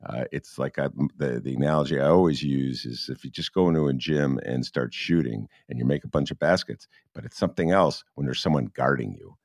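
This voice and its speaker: A man's voice: extremely low pitch, a little fast, creaky, hardly any pauses, a little mellow, no room sound, clean studio sound. A man hosting a political podcast, telling stories with lots of fillers and restarts. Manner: rambling storyteller, many fillers and restarts. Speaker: podcast host. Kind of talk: casual political chat.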